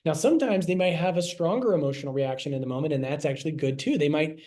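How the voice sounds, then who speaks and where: A man's voice: fairly high pitch, fast, darkish tone. A middle-aged man giving a casual class, talking conversationally, repeating himself and acting out little quoted lines. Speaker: health class presenter. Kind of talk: casual teaching talk.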